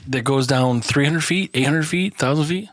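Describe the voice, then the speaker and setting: A man's voice: fairly high pitch, normal speed, a bit bright, no room sound. A man co-hosting a casual podcast, swearing a lot, laughing often and rambling through stories. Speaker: podcast co-host. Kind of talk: casual banter.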